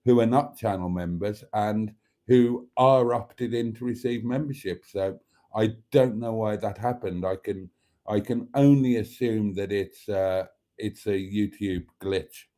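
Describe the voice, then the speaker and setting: A man's voice: fairly low pitch, measured pace, mellow. A man hosting a casual live stream from a phone, reading out viewer comments in a theatrical, self-mocking way and calling his audience darlings. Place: at a table indoors. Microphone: phone camera.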